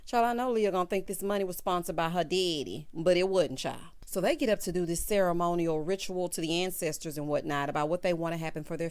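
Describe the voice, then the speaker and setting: A woman's voice: fairly low pitch, a little mellow. A woman recapping a TV episode in a sassy, chatty way, talking straight to her viewers. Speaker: TV recap vlogger. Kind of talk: casual episode recap commentary.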